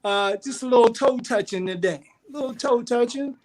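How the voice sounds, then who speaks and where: A fitness guest introduces a workout on a live video call. The delivery is relaxed and joking, at a middle pitch. The sound is that of a video call mic. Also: brisk.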